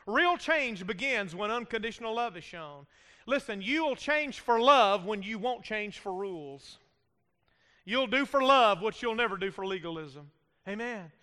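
Guy preaching in a church, really high bright voice, long hall echo, keeps asking amen. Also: clear, resonant tone. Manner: emphatic preaching with frequent call-and-response amens. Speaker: pastor. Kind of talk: sermon. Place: church sanctuary. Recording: reverberant hall.

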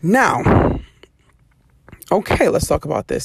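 A woman casually retelling a personal story to her viewers, rambling and animated with frequent self-corrections. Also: low voice, measured pace, vocal fry, slightly rough, no room sound.

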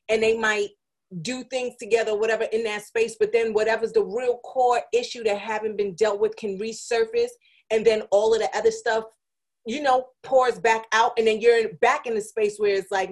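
A woman's voice: on the high side, darkish tone. A woman who works in radio, a guest on a podcast, talking things through in a reflective, casual way with lots of "you know". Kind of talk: casual chat.

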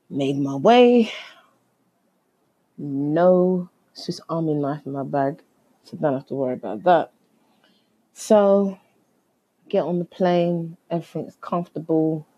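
A woman recounts a trip in a relaxed, conversational way, jumping between her own lines and the other person's. Her voice sits low and a little husky, with a mellow tone. The recording is dry and close. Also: takes it slowly, pauses often, no echo, low-quality recording. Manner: animated, acts out both sides of conversations. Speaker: traveler telling a story. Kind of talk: casual storytelling.

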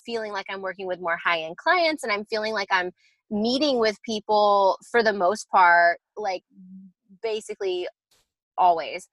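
A woman's voice: mid-range voice, moderate pace, fairly bright tone, dry recording, rough recording. A woman interior designer explaining her work process in a casual interview, chatty and full of fillers and restarts.

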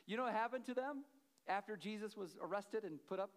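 A man's voice: sits high, a little fast. A man preaching a sermon, telling a story conversationally, checking in with the audience and repeating phrases for emphasis. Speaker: pastor.

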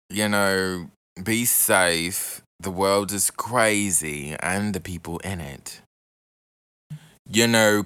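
A man hosting his own podcast, ranting unfiltered and profane, swinging between loud outbursts and quiet asides. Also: sits low, clean tone, dry recording, clean studio sound. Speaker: podcast host. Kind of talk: unfiltered solo rant.

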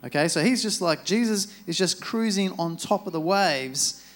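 High-voiced man preaching casually. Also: lively intonation, moderate pace, fairly bright tone. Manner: casual, chatty retelling with acted-out quotes. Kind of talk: conversational sermon storytelling. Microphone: microphone.

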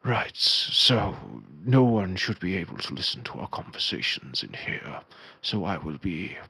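A man playing a grave old wizard, low and gravelly. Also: big pitch swings, sharp tone, dry recording, heavily acted. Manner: slow, measured, grave. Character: old male wizard head of a spire, grave and secretive.

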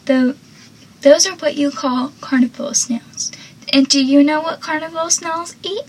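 A woman's voice: sits high, unhurried, a little mellow, voice pushed up. Woman reading as an exasperated teen girl. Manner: reading quoted lines aloud. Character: exasperated sharp-tongued teenage girl.

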